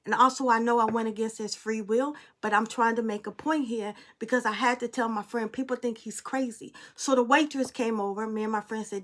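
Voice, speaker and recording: A woman's voice: on the high side, fairly even intonation, fairly quick, hardly any pauses, a bit bright. A woman reading tarot and telling a spiritual story in a casual, blunt, emphatic way, swearing freely. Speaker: tarot reader and medium.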